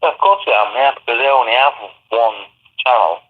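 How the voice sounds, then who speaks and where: A man calling in by phone, rambling in a hesitant, halting way with many pauses and fillers. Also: medium pitch. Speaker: phone-in caller. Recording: tinny phone line.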